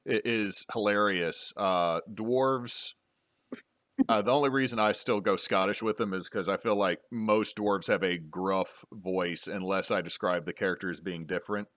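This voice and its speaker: Brief: male host, lowish voice, rambling chatty delivery, dry close mic. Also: steady tone, moderate pace, fairly bright tone, no echo. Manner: rambling, frequent restarts and fillers. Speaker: podcast host and game master. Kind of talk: casual panel discussion.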